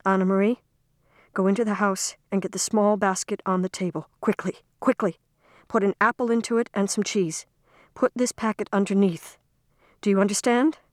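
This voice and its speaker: A woman's voice: medium pitch, moderate pace, a little mellow, dry recording, studio quality, natural voice. A woman reading a storybook, voicing a worried mother who gives firm, tense instructions.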